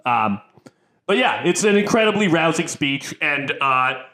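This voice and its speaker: A man's voice: on the high side, very animated, sharp tone. A man co-hosting a casual film podcast, contrarian and rambling, full of fillers. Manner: contrarian, drawn-out with many fillers. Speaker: podcast co-host. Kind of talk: casual chat.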